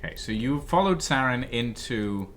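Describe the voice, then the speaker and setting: A man's voice: mid-range voice, lively intonation, normal speed, fairly bright tone, slight background noise. A man running a tabletop game as game master, narrating scenes hesitantly with many fillers.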